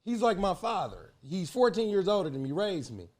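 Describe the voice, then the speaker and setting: A man hosts a relaxed podcast, asking questions and cracking jokes. His voice is high for a man and swings widely in pitch. He sounds easygoing with his guest. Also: normal speed. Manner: laid-back, joking questions. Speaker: podcast host. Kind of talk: casual interview talk.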